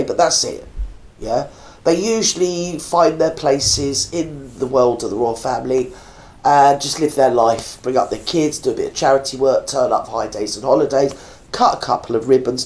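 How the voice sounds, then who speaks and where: A woman hosting a reaction video, ranting in a blunt, scornful way and swearing freely. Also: darkish tone. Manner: blunt, scornful and swearing, with big swings in pitch.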